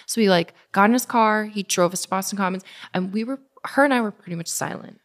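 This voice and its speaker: A woman's voice: medium pitch, fast talker. A young adult woman telling her story as a guest in casual conversation, chatty, with lots of fillers. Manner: chatty, many fillers, acts out quoted speech.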